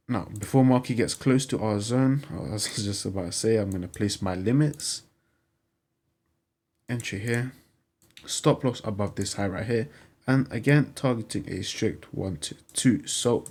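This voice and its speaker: Young male host, lowish voice, repetitive step-by-step chart walkthrough, keyboard clicks behind. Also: a little mellow, husky. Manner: repetitive, plainly instructive, upbeat pitch. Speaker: trading channel host. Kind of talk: screen-recorded tutorial walkthrough.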